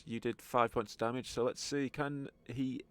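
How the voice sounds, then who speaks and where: A man's voice: mid-range voice, steady tone, moderate pace, fairly bright tone, clean tone. A man narrating a tabletop game as game master, in a wry, joking manner.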